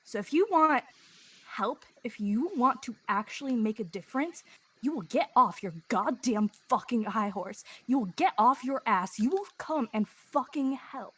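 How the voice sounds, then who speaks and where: A woman's voice: fairly high pitch, animated, moderate pace, fairly bright tone, husky. A woman voicing an enraged male adventurer who rants and swears at length. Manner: ranting, heavy swearing.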